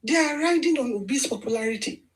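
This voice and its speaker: A woman's voice: sits high, expressive, quick pace, rough recording. Emphatic Nigerian woman commentator. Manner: emphatic, argumentative, repeats phrases for stress. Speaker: political commentator. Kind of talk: opinionated political commentary.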